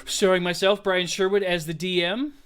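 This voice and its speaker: A man's voice: high voice, level tone, moderate pace, a bit bright, slight background noise. A man hosting a tabletop game podcast as game master, playful and laughing often.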